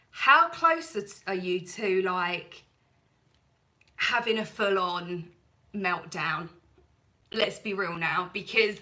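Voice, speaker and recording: Chatty woman with a bright tone. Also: mid-range voice, low-quality recording. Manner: chatty, rambling, self-deprecating. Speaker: cleaning channel host. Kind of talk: live stream chat with viewers.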